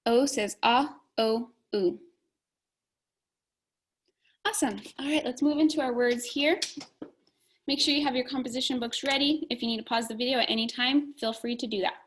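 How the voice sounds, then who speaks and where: A woman teaching a phonics lesson to young children, slowly and clearly sounding out letters and words. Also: sits high, fairly even intonation, poor audio.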